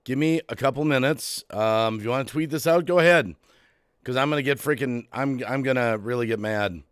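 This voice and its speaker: A man hosting his own channel's live stream, agitated and worked up, repeating phrases and swinging between quiet and loud. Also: medium pitch, brisk, clear, resonant tone, dry recording, studio quality. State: agitated, heart racing. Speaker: YouTube channel host. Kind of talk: emotional live-stream rant.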